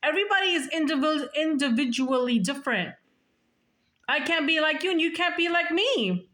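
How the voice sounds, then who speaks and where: Woman, high voice, bright and forceful tone, blunt and profane, emphatic, casual storytelling vlog. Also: lively intonation, a little fast. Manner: repeats and restarts words. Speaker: vlogger telling her own story.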